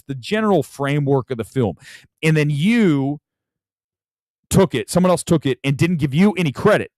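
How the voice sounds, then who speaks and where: A man's voice: fairly high pitch, a little mellow, no room sound, clean studio sound. A man hosting a livestream, telling a rambling story in casual chat with lots of restarts. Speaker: show host. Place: Los Angeles.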